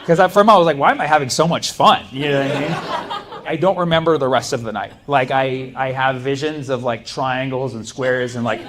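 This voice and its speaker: A man's voice: medium pitch, brisk. A young man doing a stand-up comedy set on a club stage, chatty and loose, laughing through his punchlines. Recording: live club recording with audience noise.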